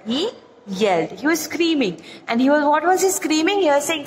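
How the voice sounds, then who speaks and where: A woman teaches a reading lesson, pausing to explain each new word and quizzing her students. Her voice sits high and bright. The room rings with long, hollow reverb. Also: big pitch swings, slight background noise. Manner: explains words slowly, asks pupils questions. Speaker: English teacher. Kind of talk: classroom story lesson.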